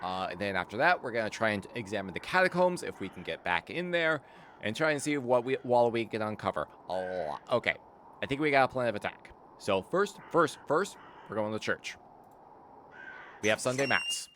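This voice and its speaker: Chatty streamer with a lively voice. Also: male voice, fairly low pitch, moderate pace, slight background noise. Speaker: streamer playing a mystery game. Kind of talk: casual live-stream commentary.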